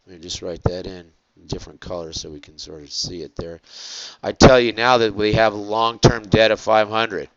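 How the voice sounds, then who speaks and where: A man teaching an accounting lecture, asking the class quick rhetorical questions and stretching out key words. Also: lowish voice, fairly bright tone, clean tone, lo-fi sound.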